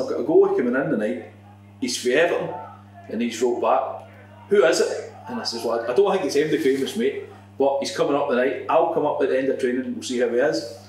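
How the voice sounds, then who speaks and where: A man, a former football manager, telling a swearing, animated anecdote in a casual podcast chat. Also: medium pitch. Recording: echoey room, distant mic, faint hum.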